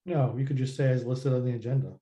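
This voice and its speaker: A man giving legal advice to a town council in a relaxed, hedging way. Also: medium pitch, fast, roomy sound, heavy background noise.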